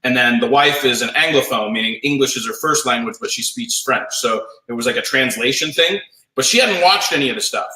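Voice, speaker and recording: A man coaching a live audience in a blunt, profane, rapid-fire pep talk. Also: medium pitch, bright, forceful tone. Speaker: sales coach. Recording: roomy echo.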